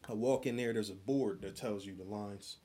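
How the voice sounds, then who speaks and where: A man chatting on a podcast, telling an animated, profane work story full of slang. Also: fairly low pitch, normal speed, husky. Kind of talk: casual podcast chat.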